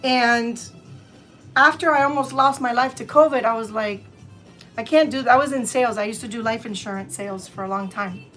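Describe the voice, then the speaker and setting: High-voiced chatty woman crafter. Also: brisk, a bit bright, soft background music. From Tampa area, Florida, US. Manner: chatty and digressive, often addresses viewers as y'all. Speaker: craft channel host. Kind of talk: live-stream gift-wrapping tutorial.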